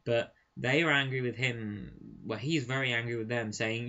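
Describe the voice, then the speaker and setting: A man's voice: medium pitch, moderate pace, few pauses, sharp tone. A young man giving a casual, amused and sarcastic spoken review. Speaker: comic book reviewer. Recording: dull lo-fi recording.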